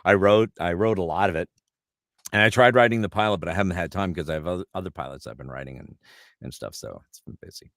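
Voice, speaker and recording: Low-voiced middle-aged voice actor, dry close mic, animated anecdotes. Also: male voice, quick pace, no room sound. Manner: lively storyteller, repeats words when starting. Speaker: voice actor guest. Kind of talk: casual interview chat.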